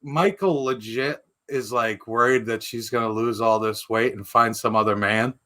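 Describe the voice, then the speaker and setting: A man co-hosting a casual podcast chat, animated and profane, cracking crude jokes. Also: mid-range voice, normal speed. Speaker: podcast co-host.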